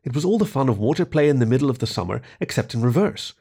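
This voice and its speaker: A man narrating a short story in an expressive reading voice. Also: mid-range voice, quick pace, vocal fry, breathy edge.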